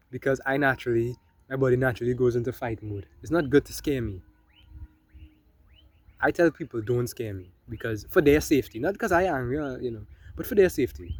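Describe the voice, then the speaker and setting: A man talks through spiritual self-help ideas in a loose, conversational way. His voice sits at an ordinary middle pitch, and he keeps checking in with "right?" and "you know?". He swings between louder and softer stretches. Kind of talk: casual spiritual talk.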